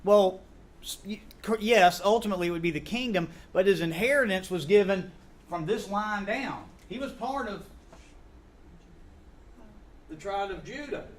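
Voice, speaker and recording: High-voiced man teaching scripture. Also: normal speed. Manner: animated, acts out biblical dialogue and quizzes the class. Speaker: Sunday School teacher and church elder. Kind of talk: Bible lesson teaching.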